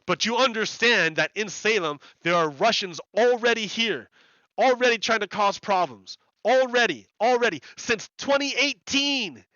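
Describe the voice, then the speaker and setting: Heated male streamer, high bright voice, dry lo-fi mic; rambling, repetitive rant. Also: no echo. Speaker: video game streamer commenting on news. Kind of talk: casual rambling commentary.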